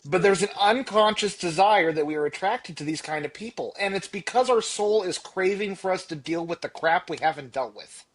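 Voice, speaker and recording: A high-pitched man co-hosts a reflective podcast chat. He explains ideas earnestly and backs them up with personal examples. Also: a little fast. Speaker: podcast co-host.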